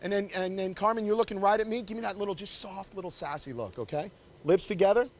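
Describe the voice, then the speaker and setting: A man's voice: high-pitched, fast. A man, a wedding photographer, teaching as he poses a couple, upbeat and coaxing while directing them constantly in a small indoor space. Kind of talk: live posing demonstration. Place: confined indoor shooting space.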